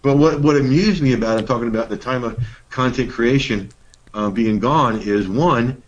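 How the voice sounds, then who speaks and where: A man's voice: medium pitch, normal speed, lo-fi sound. A middle-aged man co-hosting a workshop, talking in a casual, folksy way with playful emphasis. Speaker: workshop co-host. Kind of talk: casual teaching talk.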